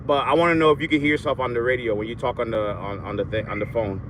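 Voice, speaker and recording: A man's voice: medium pitch, fairly even intonation, fast, background noise. A man hosting a live stream, chatting casually and telling crude stories with swearing and laughter. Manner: loud, profane, storytelling with laughs.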